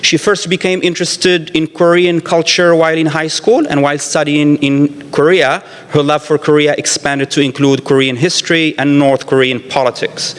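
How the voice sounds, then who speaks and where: A man with a fairly high voice introduces the next speaker, reading formal academic phrasing from his notes. His voice rings with a long hall reverb. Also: fairly even intonation, normal speed, few pauses, clear, resonant tone. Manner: formal, reads from notes with slips. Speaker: event moderator. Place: lecture hall.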